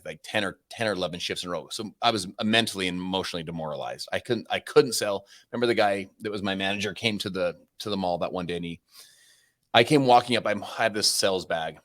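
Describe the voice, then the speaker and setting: Fast-talking, low-voiced man telling stories. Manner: fast-talking, energetic, many restarts. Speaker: podcast guest. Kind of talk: conversational storytelling.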